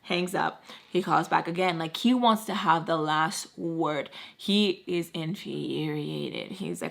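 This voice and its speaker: A woman's voice: deep voice, takes it slowly, creaky. A young adult woman vlogger casually telling a personal story, chatty and full of fillers. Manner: chatty, filler-heavy, acts out quoted dialogue.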